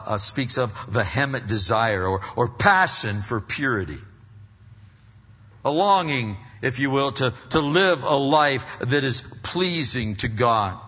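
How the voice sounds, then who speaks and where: A man's voice: medium pitch, sharp tone, husky. A man preaching an earnest sermon, often restarting his sentences and acting out inner voices. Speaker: pastor. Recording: dull lo-fi sound with long hall reverb.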